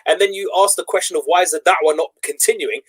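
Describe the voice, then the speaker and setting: A man's voice: high voice, quick pace, husky. An English man hosting a casual online talk show, rambling with restarts and laughing as he goes. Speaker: show host. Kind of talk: casual debate chat.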